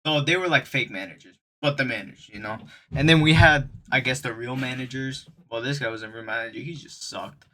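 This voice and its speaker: Slangy young man with a bright voice. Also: mid-range voice, brisk. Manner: loose and slangy, talks straight to viewers. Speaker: streamer telling a story. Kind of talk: casual storytime.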